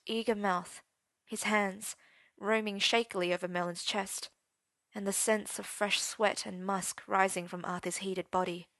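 Female story narrator, intimate dramatic reading, dry close recording, mid pitch. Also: a bit bright, dry recording. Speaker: story reader.

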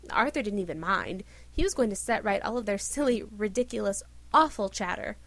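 A woman reading a story aloud with expressive narration. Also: mid-range voice, brisk, no room sound. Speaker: reader. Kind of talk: reading fan fiction aloud.

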